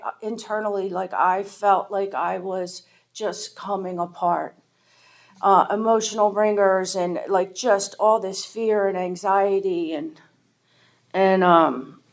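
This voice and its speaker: A middle-aged woman with a Philadelphia-area American accent speaks candidly and self-deprecatingly about her own recovery at a meeting. Her mid-range voice has vocal fry, and her talk is loaded with casual fillers.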